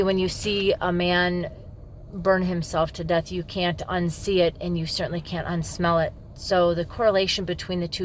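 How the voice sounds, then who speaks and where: A woman's voice: on the low side, a little hiss or hum. A middle-aged woman police officer candidly telling a personal story to the camera in an emphatic, frank way.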